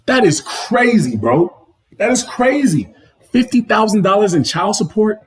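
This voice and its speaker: A young man hosting a livestream from home, giving mocking, excitable commentary in slang and talking to his chat. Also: high voice, measured pace, a little hiss or hum. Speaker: livestream host. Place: home, apartment.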